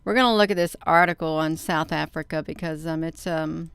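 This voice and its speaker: A woman's voice: sits low, steady tone, brisk, fairly bright tone, clean tone, dry recording. Chatty woman hosting a livestream. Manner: chatty, laughs often, addresses viewers as "you all". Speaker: livestream host. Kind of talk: casual live-stream commentary reading a news article. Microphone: phone.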